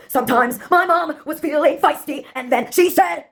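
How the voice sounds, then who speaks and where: A woman with a high voice talks through a spoken-word track, profane and sardonic. Her delivery is quick and clipped, and she rambles from thought to thought. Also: gravelly, fairly bright tone.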